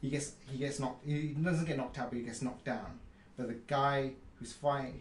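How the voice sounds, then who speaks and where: A man recounts a story during a casual podcast chat, lively and loose with his fillers. His voice sits at an ordinary middle pitch. It carries a noticeable room echo, with a faint hiss underneath. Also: moderate pace, recorded from a distance. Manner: animated storyteller, many fillers. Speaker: podcast co-host. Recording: roomy room, faint noise.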